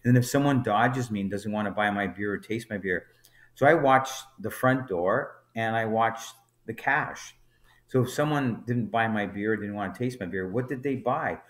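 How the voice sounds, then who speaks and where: Speaking at a moderate pace with a lowish voice, the brewery co-founder recounts an anecdote as a podcast guest. In the conversation he plays out the quoted dialogue with animated storytelling.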